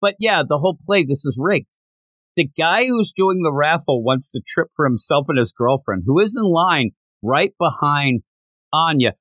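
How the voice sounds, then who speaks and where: A man talks through a manga chapter in casual podcast chat, his pitch swinging up and down as he acts out lines from the characters. His voice sits a little high for a man. The sound is dry and close. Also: moderate pace, no room sound. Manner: animated, acts out characters' lines mid-story. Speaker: podcast co-host.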